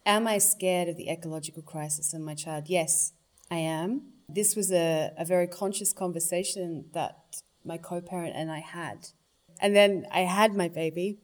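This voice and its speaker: A woman's voice: on the low side, fairly even intonation, moderate pace. A woman, speaking thoughtfully and earnestly in a personal interview. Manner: thoughtful, earnest, politically articulate.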